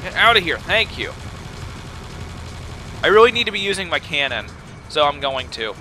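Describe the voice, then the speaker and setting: Young male let's-player, jumpy and exclaiming, a bit high-pitched. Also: normal speed, faint music behind. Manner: excitable, exclaiming and panicking. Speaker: let's play gamer. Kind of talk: casual gameplay commentary.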